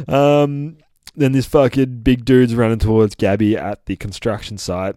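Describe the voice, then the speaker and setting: A man reviewing a comic book in a casual, excited retelling, swearing often and rambling as he goes. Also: mid-range voice, normal speed, dry recording, studio quality. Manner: profane, rambling, bursts of excited laughter.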